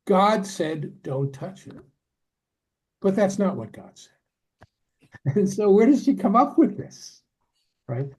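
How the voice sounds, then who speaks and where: An older man teaches in an unhurried, conversational way, with asides and soft laughs. His voice is husky, mellow and somewhat high. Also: poor audio. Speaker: Torah teacher. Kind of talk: conversational Bible lesson.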